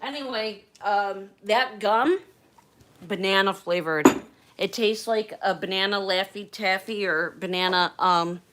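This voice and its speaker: A woman livestreaming from home, chatting warmly with viewers by name and getting choked up at times, now and then moving away from the mic. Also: mid-range voice, a little slow, a little hiss or hum. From United States. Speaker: livestream host. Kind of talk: casual livestream chat. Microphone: webcam or phone mic, moves off camera.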